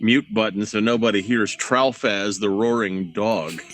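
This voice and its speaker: A man's voice: fairly low pitch, a little slow, a bit bright. A man co-hosting a comedy podcast, dropping wry, profane asides in casual chat. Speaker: podcast co-host.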